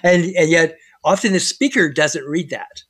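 A man's voice: on the high side, moderate pace, husky, no room sound, studio quality. A man in casual conversation, telling stories with lots of fillers and restarts. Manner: animated storyteller, many fillers and restarts.

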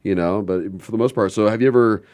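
Chatty male radio host, low voice. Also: fast talker, darkish tone, dry recording. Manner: chatty, rambling storyteller. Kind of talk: casual radio talk-show chat. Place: radio studio.

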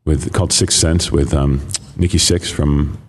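Deep slightly gravelly male radio host. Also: steady tone, measured pace. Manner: rambling, chatty, with many restarts. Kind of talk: casual interview chat.

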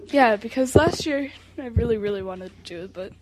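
A woman's voice: a little high, brisk, crowd noise. Bubbly teen girl guest. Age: teens. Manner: bubbly, trailing off, laughs often. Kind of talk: casual chat.

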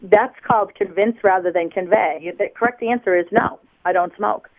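A woman from the United States, a body language expert, explaining on a radio show in a lively teaching tone over the phone. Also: medium pitch, moderate pace. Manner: lively teaching tone, acts out examples. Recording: tinny phone line.

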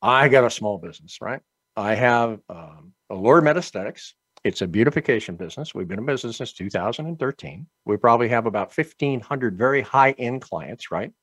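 A man hosting a live business radio show, talking in a brisk, pushy, salesman-like way. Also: medium pitch, lively intonation, fairly bright tone, no echo.

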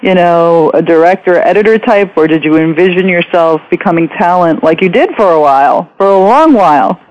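A man's voice: high-pitched, a little fast, lo-fi sound, slight background noise. A man hosting an interview, upbeat and encouraging with his guest. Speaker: interviewer host. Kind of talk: casual interview chat.

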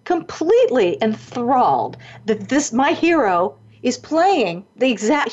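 A middle-aged woman, a singer and voice teacher, telling lively anecdotes as a radio guest, her voice leaping up when she acts out what others said. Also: normal speed, hardly any pauses. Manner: lively anecdotes, voice leaps high when acting out quotes. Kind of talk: animated storytelling in a radio interview. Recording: dull lo-fi radio broadcast.

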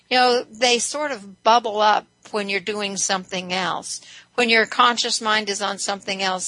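Bright-voiced middle-aged woman hosting a self-help talk. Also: mid-range voice, dry recording, poor audio. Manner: guiding listeners with a stream of questions, gentle and conversational. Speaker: host and hypnotist. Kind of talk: reflective self-help talk show monologue.

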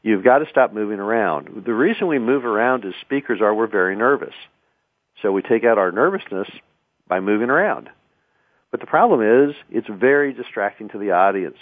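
A man with a low voice talks through public speaking advice in a loose, conversational way, often repeating words as he restarts. The sound is dry and narrow, like a tinny radio broadcast. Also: moderate pace, dry recording. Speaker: radio talk show host.

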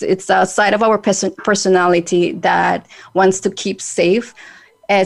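A woman with a Spanish accent hosts a reflective podcast conversation. Her voice sits at a middle pitch. She speaks earnestly and deliberately, pausing on small fillers as she gathers her thoughts. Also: gravelly. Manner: earnest, measured, with hesitant fillers. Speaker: podcast host.

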